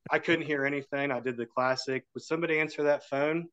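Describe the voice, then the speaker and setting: A man's voice: fairly high pitch, fast talker, smooth, muffled recording. A man, a podcast guest, telling a story in a casual way and acting out the voices of the people in it. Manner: animated, acts out the voices in his story.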